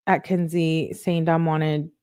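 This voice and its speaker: A woman's voice: low voice, slow, clean tone, no echo, clean studio sound. A woman commentator on a livestream, reading out text messages and breaking in with exasperated asides. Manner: reads both sides of the texts in a flat reading tone, breaks in with exasperated asides. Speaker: true crime commentator on a livestream.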